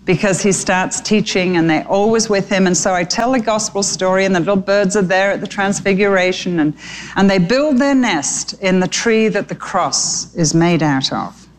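A woman preaching a sermon in an animated, chatty storytelling manner. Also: medium pitch, normal speed, poor audio.

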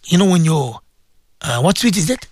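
High, lively radio cleric. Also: male voice, moderate pace, no room sound, studio quality. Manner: emphatic, repeats words and phrases. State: sore throat, clears it often. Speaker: radio host and Muslim cleric. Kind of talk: religious radio talk. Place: radio studio.

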